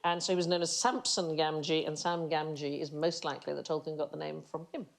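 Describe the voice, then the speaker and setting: A woman's voice: sits low, little pitch movement, brisk, vocal fry. A woman hosting a comedy quiz show, telling trivia in a playful, chatty way.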